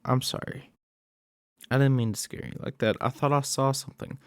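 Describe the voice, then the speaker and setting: A man's voice: mid-range voice, steady tone, normal speed, dry recording, studio quality, pitched above the performer's own voice, natural voice. A man voicing a panicky young woman from a horror film, apologizing over and over in a flustered way.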